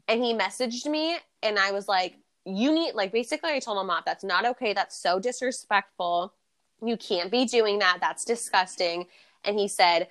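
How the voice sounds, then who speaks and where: A woman's voice: mid-range voice, lively intonation, fairly quick, a bit bright. Young female podcast co-host, blunt and profane, mid-range voice, casual storytelling. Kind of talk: casual chat.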